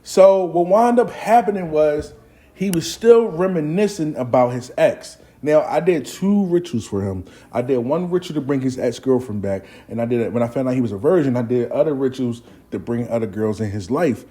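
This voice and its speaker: A man hosting his own show, telling a story in a casual, profane, animated way and acting out the people he quotes. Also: medium pitch, moderate pace. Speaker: host.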